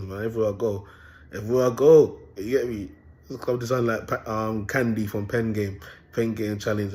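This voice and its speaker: A man's voice: lowish voice, a little mellow. Young male vlogger, casual slangy monologue, boastful, repeats himself.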